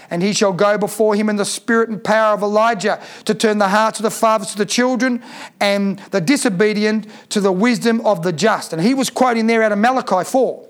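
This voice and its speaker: A man preaching a sermon in a strikingly high voice. He drives his points home by repeating key lines with emphasis.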